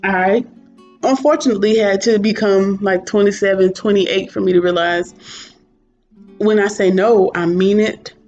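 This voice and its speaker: A woman's voice: medium pitch, steady tone, normal speed. A woman in her twenties or thirties talking candidly to camera in a casual vlog, chatty and prone to asides. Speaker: vlogger. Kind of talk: casual talking-head reflection. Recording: dull lo-fi sound with soft guitar music behind.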